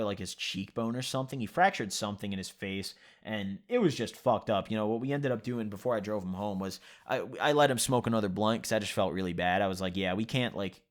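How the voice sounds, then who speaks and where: Young guy rambling a storytime vlog at his computer, lots of like and you know, swears a ton. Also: mid-range voice. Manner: loose, profane, filler-heavy storytelling. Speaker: vlogger. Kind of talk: casual storytime. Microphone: computer mic at a desk.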